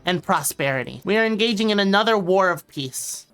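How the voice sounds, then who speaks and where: A woman's voice: sits low, lively intonation, fairly quick, hardly any pauses, fairly bright tone, soft background music. A woman giving casual commentary over a strategy game, joking and rambling and swearing freely as she plays. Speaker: gaming video creator.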